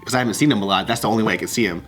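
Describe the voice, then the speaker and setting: A man's voice: on the low side, racing, fairly bright tone, soft background music. A man telling stories in a casual group chat, laughing and swearing often.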